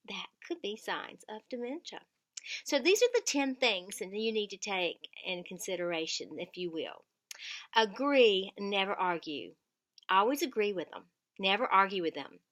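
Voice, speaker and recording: A woman's voice: medium pitch, fairly bright tone. A middle-aged woman, giving earnest caregiving tips in a casual vlog and repeating words for emphasis.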